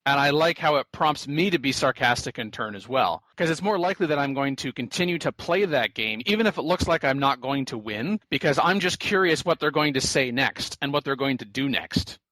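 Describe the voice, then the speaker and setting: A man's voice: medium pitch, expressive, fairly quick, few pauses, pushed and bright, dry recording, poor audio. A man co-hosting a casual podcast panel, sarcastic and long-winded as he makes his points. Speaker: podcast host.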